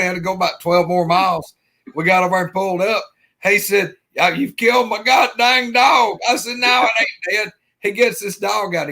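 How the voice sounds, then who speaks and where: A man co-hosting a live stream, telling folksy stories in an animated way. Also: sits high, vocal fry. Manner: animated yarn-spinner, folksy. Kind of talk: casual storytelling chat.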